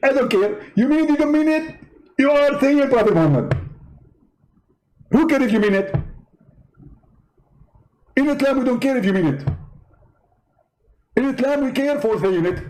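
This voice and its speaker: A man's voice: very high voice, expressive, darkish tone, pitched above the performer's own voice, low-quality recording. A man putting on the voice of a pompous male preacher who scolds and insults his debate opponent in a parody skit. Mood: smug. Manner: haughty, scolding, quick to insult.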